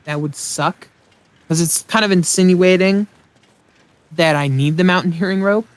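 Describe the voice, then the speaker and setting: A man's voice: sits high, normal speed, clean tone, no echo. A man hosting a let's play, giving casual gameplay commentary and rambling aloud as he thinks, often mocking himself.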